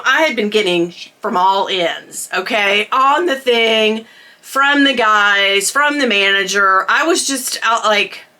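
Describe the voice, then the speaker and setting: A middle-aged woman vlogger telling a storytime, chatty and animated, laughing often. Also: mid-range voice. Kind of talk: storytime chat.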